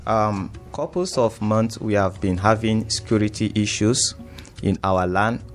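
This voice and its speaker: Low-voiced man, formal guest. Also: soft background music. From Nigeria. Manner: formal, measured account of events. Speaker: community youth leader, studio guest.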